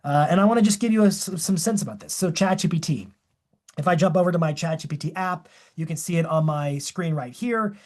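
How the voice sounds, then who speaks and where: A man presenting a live webinar, talking in an energetic, enthusiastic and demonstrative way. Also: a little high, a little fast.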